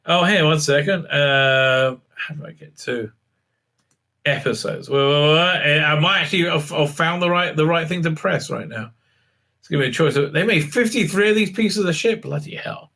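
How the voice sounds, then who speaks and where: A male reviewer from Israel talks through an episode at his computer in a loose, rambling way, tripping over fillers and restarting his sentences. His voice sits a touch high and comes across bright and forceful. He mocks what he's describing, with a dry, sarcastic bite. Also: normal speed. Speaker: TV show reviewer. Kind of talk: casual recap with mocking impressions.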